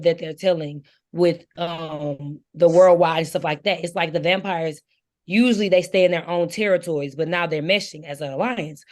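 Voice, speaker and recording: A woman guest in a casual book discussion, talking in an animated way with laughter. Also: on the low side.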